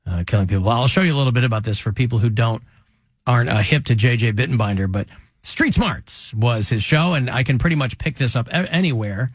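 A man's voice: medium pitch, animated, brisk, dry recording, studio quality. A man hosting a radio talk show, telling stories in a chatty way with laughs. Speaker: radio host.

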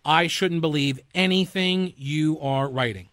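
A man's voice: fairly high pitch, measured pace, a bit bright, no room sound. A man hosting a talk radio show, rambling loosely and sarcastically with fillers and chuckles. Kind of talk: casual political talk radio with host-read ad.

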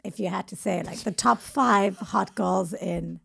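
A woman's voice: mid-range voice, unhurried, creaky, a bit bright, slight background noise. A woman comedian on a podcast, casually telling a story from her school days, restarting often and laughing. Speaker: comedian guest.

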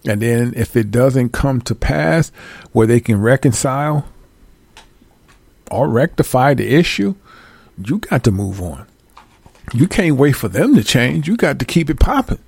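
A man's voice: mid-range voice, expressive, moderate pace, vocal fry, a little mellow, breathy edge, no room sound. A man preaching in a casual street style, giving blunt, slangy warnings to his followers. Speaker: religious teacher addressing followers.

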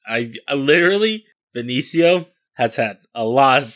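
A man's voice: mid-range voice, lively intonation, normal speed, a bit bright, dry recording, clean studio sound. A man playing a tabletop game, laid-back and joking as he describes his character's actions. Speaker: player.

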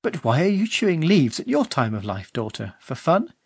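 A man's voice: on the high side, big pitch swings, moderate pace, husky, exaggerated voice. A man voicing a fond father in an audiobook reading, easy and lightly teasing. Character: fond middle-aged father, mildly teasing.

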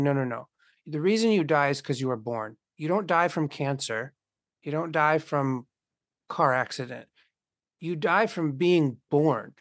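A blunt, profane speaker riffs philosophically in casual conversation, slipping into imagined voices along the way. The voice sits at a middling pitch. The recording is dry and close, with no room sound. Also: dry recording.

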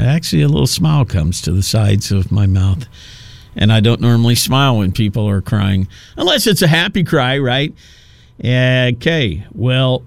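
A man's voice: mid-range voice, no room sound. A man hosting a talk radio show, delivering a mocking, sarcastic monologue into a studio mic.

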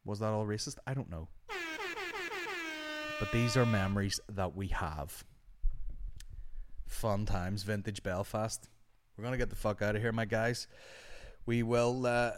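Brief: low-voiced man, sweary sardonic comic host, rambling chat. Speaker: comedian podcast host. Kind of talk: casual chat answering listener questions. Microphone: studio microphone.

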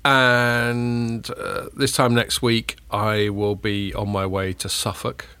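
A man's voice: lowish voice, monotone, slow, bright, forceful tone, clean tone, no room sound. A middle-aged man hosting a podcast in casual, jokey chat. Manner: jokey, laughs often. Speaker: podcast host.

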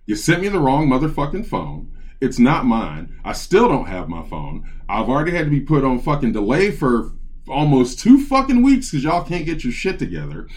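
Male podcast host, mid-pitched voice, profane and animated casual storyteller. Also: moderate pace. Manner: profane, animated, acts out both sides of calls.

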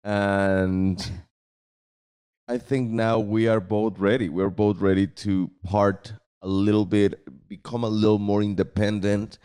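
A man co-hosting a podcast, speaking earnestly in casual chat, halting and restarting his thoughts. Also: fairly low pitch, level tone, mellow, clean tone. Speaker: podcast co-host.

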